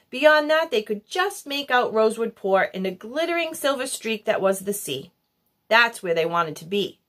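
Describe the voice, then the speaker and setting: Lady reading a kids novel out loud, lively up and down voice, kinda high. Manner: expressive, animated. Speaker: audiobook reader. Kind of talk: storybook narration.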